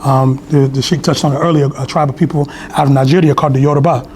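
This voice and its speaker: A man's voice: mid-range voice, steady tone, fast, darkish tone, a little hiss or hum. A man giving a loose, storytelling sermon with lots of asides and fillers at a temple meeting. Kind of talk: conversational sermon. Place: temple hall.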